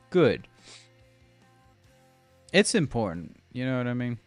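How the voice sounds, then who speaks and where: A young Australian man rambles on a casual live stream in a lowish voice, his pitch swinging widely at a moderate pace broken by long pauses. He laughs a lot and greets viewers by name while faint music plays behind him.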